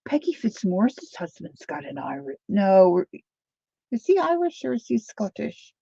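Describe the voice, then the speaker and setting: A woman hosts a live crafting session in a slow, unhurried way, with a gravelly fry running through her voice. She chats along as she thinks aloud and answers comments from viewers. The sound is dry and a little dull, like a lo-fi home mic. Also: medium pitch, very animated, a little mellow, no echo. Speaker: craft livestream host. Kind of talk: casual live crafting demo.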